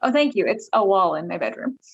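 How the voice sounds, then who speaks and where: A woman's voice: mid-range voice, very animated, a little fast, creaky, dull audio, slight background noise. A woman, a voice actor, chatting in a friendly way between takes from her bedroom over a video call. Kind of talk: casual chat between takes.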